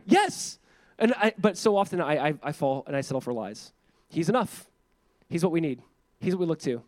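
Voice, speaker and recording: A male pastor preaching a sermon to a congregation, lively and conversational, acting out quoted voices and dropping to quiet pleading. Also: on the high side, no echo. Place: church sanctuary.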